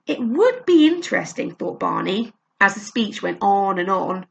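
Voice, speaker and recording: A woman reading a children's novel aloud, with a lively, expressive delivery. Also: mid-range voice, normal speed, creaky. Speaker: storyteller.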